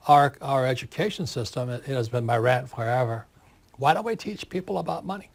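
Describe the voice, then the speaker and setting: A man in his seventies, an author giving an interview, talking in an animated, forceful way and repeating words for emphasis. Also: mid-range voice, a little fast, creaky. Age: 70s.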